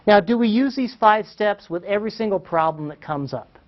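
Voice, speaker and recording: A man's voice: sits high, expressive, brisk, dull audio. A man presenting a parenting workshop, questioning the audience and acting out quotes with chuckles. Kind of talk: lively classroom-style teaching talk.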